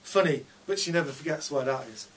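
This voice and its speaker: A man's voice: on the high side, fairly quick, distant mic, a little hiss or hum. A man reading his own story aloud at a fiction night, in a chatty child narrator's voice.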